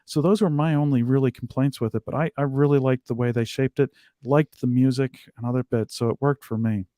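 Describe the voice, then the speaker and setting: A man's voice: mid-range voice, steady tone, a little fast, mellow, dry recording, studio quality. A man co-hosting a podcast, casually explaining his thoughts aloud. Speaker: podcast co-host. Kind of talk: casual discussion.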